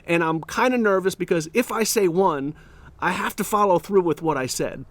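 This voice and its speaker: A man hosting a podcast, telling a story in an animated way with many fillers and restarts. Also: high voice, normal speed. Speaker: podcast host. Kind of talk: storytelling monologue.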